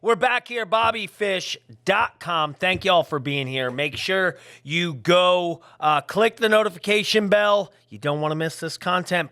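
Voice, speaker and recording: Loose, rambling man with a bright voice. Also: high voice, animated, moderate pace, no room sound. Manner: loose, rambling, jokey, swings into loud yelling. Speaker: former pro wrestler vlogger. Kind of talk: casual vlog talk to viewers.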